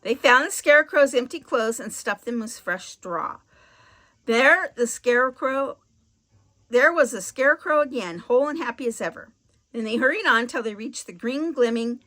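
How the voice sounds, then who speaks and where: A woman reading a children's storybook aloud in a clear, expressive way. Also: a little high, moderate pace.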